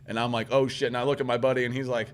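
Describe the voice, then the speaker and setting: A man's voice: medium pitch, flat delivery, rapid-fire. Profane St. man telling a story. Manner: profane, rambling anecdote with acted-out quotes. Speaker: podcast co-host. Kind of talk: casual storytelling chat.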